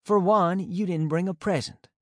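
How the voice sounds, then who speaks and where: A man's voice: high voice, fairly even intonation, moderate pace, darkish tone, no room sound, studio quality, voice pushed up, close to an everyday voice. A man voicing a lonely, guarded teenage boy in an audiobook, giving short, wry replies.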